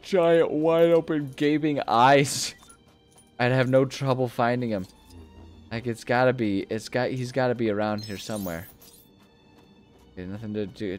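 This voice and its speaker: A young man commenting casually while playing a video game, rambling and easily amused, often breaking into high-pitched laughter. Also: a little mellow. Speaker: gaming video host. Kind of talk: casual let's-play commentary.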